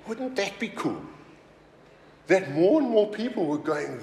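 A man preaching a sermon as pastor, talking in a conversational, animated way with many asides. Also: sits high, a little slow. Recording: roomy hall reverb, faint ambience.

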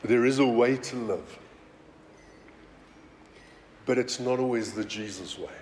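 A man preaching a sermon as pastor, talking in a conversational, animated way with many asides. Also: mid-range voice, unhurried, a little hiss or hum. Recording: roomy hall reverb, faint ambience.

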